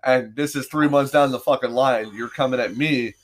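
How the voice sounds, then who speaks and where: A man's voice: mid-range voice, normal speed. A young man hosting a casual chat, telling stories with lots of swearing and acted-out quotes. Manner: animated, swearing, acts out quotes. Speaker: podcast host.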